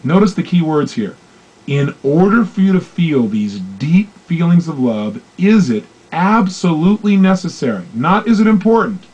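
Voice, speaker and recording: A man giving a motivational talk on love and relationships, acting out both partners in dialogue with lively, shifting voices. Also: on the high side, moderate pace, husky, muffled recording. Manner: animated, acts out both partners in quoted dialogue. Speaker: motivational speaker.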